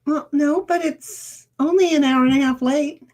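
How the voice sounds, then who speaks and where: A woman's voice: high-pitched, moderate pace, a little mellow. A woman streamer chatting casually with her viewers, rambling and laughing often. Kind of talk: casual live-stream chat.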